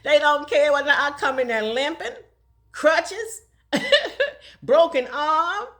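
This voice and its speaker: A woman telling a personal story in a casual vlog, talking fast and laughing often. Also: high-pitched, expressive, fairly bright tone. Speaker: vlogger.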